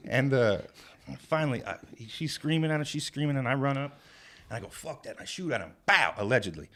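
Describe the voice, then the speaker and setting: A man workshopping a stand-up story in a casual comedy writing session, animated and profane, shouting out the lines he quotes. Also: mid-range voice, moderate pace, long pauses.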